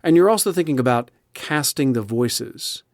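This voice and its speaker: A male audiobook narrator talks in a relaxed interview, animated and expressive, often restarting his sentences. His voice sits in an ordinary middle register for a man. The recording is dry and close, with no room sound. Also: mid-range voice, normal speed, no echo. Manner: chatty and expressive, many restarts. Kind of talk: casual interview chat.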